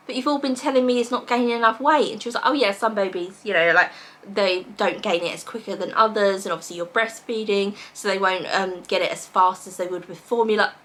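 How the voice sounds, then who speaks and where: A young woman from England with a British accent, telling a personal story to camera in a lively way and acting out what others said. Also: medium pitch, fairly quick. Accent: British English. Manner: animated, quotes others in dialogue. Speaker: vlogger.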